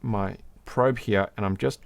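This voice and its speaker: A man's voice: lowish voice, a little slow, vocal fry. A man hosting a livestream, casually talking through a hands-on craft demonstration at his workbench, explaining each step as he works and laughing now and then. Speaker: livestream host. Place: home workbench.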